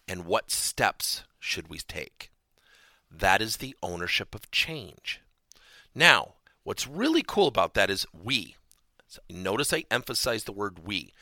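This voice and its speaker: A man hosting a podcast lesson on workplace coaching, animated and repeating his key points for emphasis. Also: lowish voice, no room sound, studio quality.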